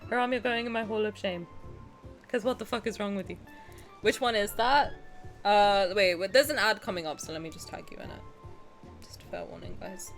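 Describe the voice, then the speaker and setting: A woman's voice: medium pitch, fairly quick, vocal fry, soft background music. A young woman streamer chatting casually with her viewers as she reacts, gushing and often breaking into laughter.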